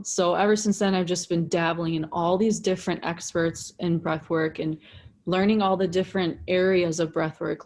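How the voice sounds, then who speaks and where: A young woman, a breathwork facilitator, telling her story in casual chat, animated, swearing freely and saying "like" a lot. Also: lowish voice. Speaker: breathwork facilitator, podcast guest.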